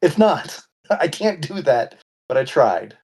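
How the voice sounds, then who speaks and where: A man's voice: a little high, very animated, slow pace, a little mellow, slightly rough. Playfully ranting man in his forties. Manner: playful mock-indignant ranting. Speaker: podcast co-host. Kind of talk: casual chat.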